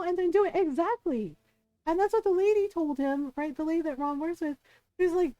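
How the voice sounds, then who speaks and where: A woman streamer chatting casually, ranting in an animated way and swearing a lot. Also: extremely high pitch, fairly quick, no room sound, soft background music, poor audio. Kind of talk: casual chat.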